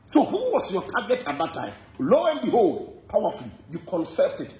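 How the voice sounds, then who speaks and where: A man's voice: high-pitched, moderate pace, reverberant. A Ghanaian man delivering a heated, repetitive gossip monologue, speaking straight to a rival. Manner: animated, repetitive, code-switching rant.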